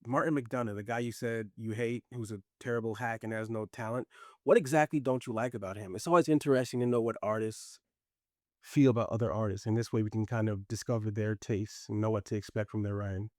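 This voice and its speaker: A man's voice: lowish voice, fairly even intonation, brisk, a little mellow, no echo, clean studio sound. Teasing American man hosting a podcast. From United States. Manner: teasing, blunt, swears freely. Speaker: podcast host. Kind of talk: casual interview.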